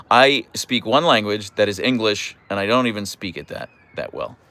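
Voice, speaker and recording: A young man hosting a casual live stream and answering chat in a playful, animated way, with mock outrage and stammered restarts. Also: on the low side, normal speed, no room sound. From United States. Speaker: livestream host reading chat.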